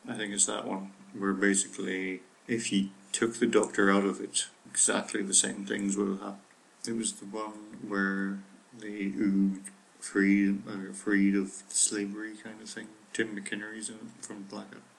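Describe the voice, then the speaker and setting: A man co-hosting a relaxed podcast chat, his voice sitting a little low. He teases his partner and quizzes him with a wry, dry humour. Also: moderate pace, creaky, poor audio. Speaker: podcast co-host. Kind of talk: casual chat.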